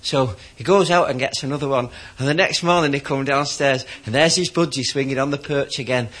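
A man's voice: mid-range voice, fairly quick, a bit bright. A man telling stand-up jokes in a chatty way, chuckling at his own punchlines. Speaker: comedian.

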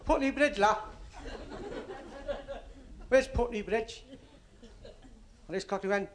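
A man's voice: high-pitched, moderate pace, long pauses. A man with a Liverpool accent doing stand-up, telling jokes and acting out the dialogue in a chatty way. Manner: chatty storyteller who acts out dialogue. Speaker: stand-up comedian. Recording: live club with audience laughter and noise.

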